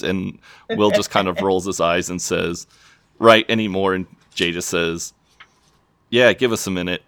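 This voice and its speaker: A man in his thirties, casually retelling show scenes as a podcast co-host, slipping into quick character voices and laughing. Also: sits low, fairly even intonation, a bit bright, no echo. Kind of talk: casual recap chat.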